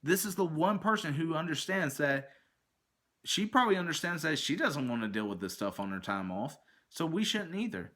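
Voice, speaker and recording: Bright-voiced man ranting. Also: on the high side, moderate pace. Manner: animated, exasperated, acts out both sides of a phone call. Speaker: vlogger. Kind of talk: ranting storytime monologue.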